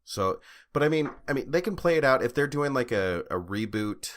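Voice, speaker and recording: A man's voice: medium pitch, lively intonation, moderate pace, fairly bright tone. A young man co-hosting a podcast, rambling casually with fillers, restarts and frequent laughs. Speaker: podcast co-host. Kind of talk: casual chat.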